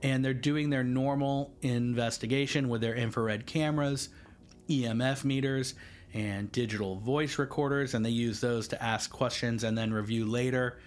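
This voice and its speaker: A man's voice: medium pitch, steady tone, moderate pace. A man hosting a podcast on his own, talking casually in a rambling, chatty way with self-deprecating asides. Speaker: podcast host. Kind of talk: casual solo podcast monologue.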